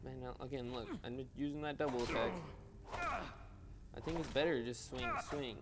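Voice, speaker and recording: A man's voice: mid-range voice, fairly even intonation, normal speed, very noisy. A man doing a casual, rambling voiceover over his own gameplay, chatting and poking fun at his own choices. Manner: rambling, self-mocking, chatty. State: yawning, tired. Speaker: gaming channel host.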